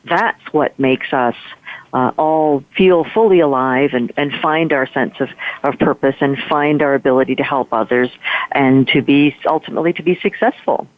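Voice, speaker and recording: A woman guest and author telling a personal story in an animated way, with many restarts. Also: very deep voice, normal speed, no room sound. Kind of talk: storytelling in a conversation. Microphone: phone line. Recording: tinny phone line.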